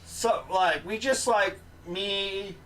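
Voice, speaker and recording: Speaking slowly in a high voice, this podcast co-host swears his way through animated stories during a casual chat. The mic sits at a distance and picks up faint noise.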